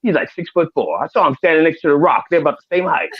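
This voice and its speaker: A man's voice: fairly high pitch, animated, fast talker, muffled recording, noisy background, pitched above the performer's own voice, close to an everyday voice. A man playing a crude older reverend character, rambling and profane with preacher-like asides, in a studio. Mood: mixed. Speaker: comedic guest in character. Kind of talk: improvised comedy in character.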